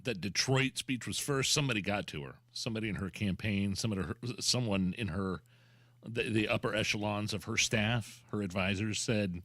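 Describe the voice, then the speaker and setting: A man's voice: lowish voice, a little fast, sharp tone, no echo. A man co-hosting a talk radio show, laid-back and joking. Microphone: studio microphone.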